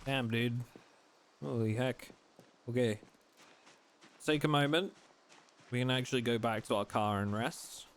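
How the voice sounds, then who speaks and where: A young man chatting casually while streaming a survival game, reading chat aloud and thinking out loud. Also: mid-range voice, unhurried, long pauses, a little hiss or hum. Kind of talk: casual live-stream commentary.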